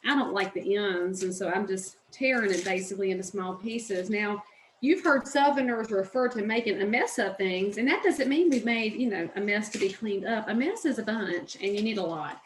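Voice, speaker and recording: A woman's voice: mid-range voice, lively intonation, normal speed, roomy sound, a little hiss or hum, poor audio. A woman with a Southern US accent, hosting a cooking channel from her home kitchen, folksy and opinionated as she chats through a recipe. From American South. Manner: chatty, folksy and opinionated, says "y'all". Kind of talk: casual cooking demonstration.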